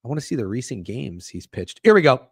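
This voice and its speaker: An excitable young man riffs through his betting picks in a loose, profane ramble, tripping over restarts. His pitch leaps around in a very animated way. The sound is dry and close, with no room around it. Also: fast, vocal fry, breathy edge, dry recording. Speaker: sports betting show host. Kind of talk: casual livestream betting talk.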